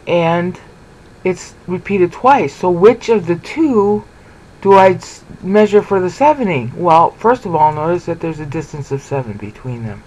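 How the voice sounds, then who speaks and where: A man teaching a lecture on scripture, animated, often repeating words and checking in with rhetorical questions. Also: fairly high pitch, low-quality recording. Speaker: Bible teacher.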